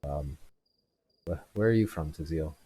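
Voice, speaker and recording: A man's voice: a bass voice, measured pace, warm tone, slightly rough, pitched below the performer's own voice, heavily acted. A man voicing a short, balding drunk who stammers and slurs politely. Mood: wary.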